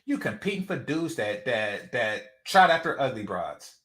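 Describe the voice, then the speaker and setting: A man's voice: medium pitch, very animated, normal speed, pushed and bright, reverberant. A man hosting a reaction commentary on a clip, talking in an incredulous, sarcastic and emphatic way. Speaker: commentary channel host.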